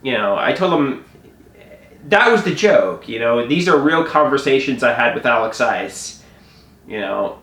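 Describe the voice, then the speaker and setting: A man telling a personal story to the camera in an animated way, often stammering and restarting his sentences. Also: medium pitch, a little slow, echoey room.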